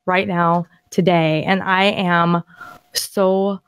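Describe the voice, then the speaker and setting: A woman co-hosting a podcast, excitedly walking through property deals on screen in a casual, rambling way with frequent restarts. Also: lowish voice, drawn-out words, clear, resonant tone, no echo. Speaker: podcast co-host and land investor. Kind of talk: casual screen-share deal walkthrough.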